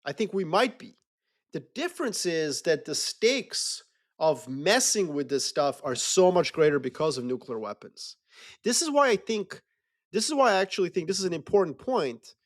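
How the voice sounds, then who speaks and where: A man talking politics in a loose, animated way, swearing freely and acting out quick mocking voices. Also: a little high. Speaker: podcast co-host. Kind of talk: casual geopolitical discussion.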